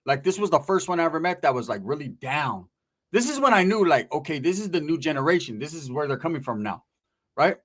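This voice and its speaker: Animated, high-voiced male storyteller. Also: quick pace. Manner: animated, profane, conversational. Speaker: stand-up storyteller. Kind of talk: comedic storytelling.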